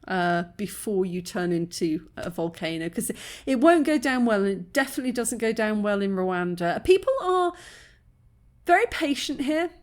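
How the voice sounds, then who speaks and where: A British woman hosting a reaction video, chatting casually and digressively, often laughing. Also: on the high side. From Britain. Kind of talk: casual commentary.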